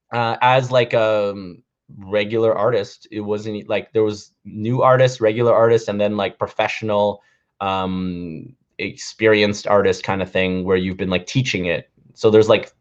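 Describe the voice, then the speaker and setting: A man's voice: medium pitch, dull audio. Rambling man in his thirties, vlogging. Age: 30s. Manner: rambling, many fillers and restarts. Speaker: vlogger and comedian. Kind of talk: casual chat to camera.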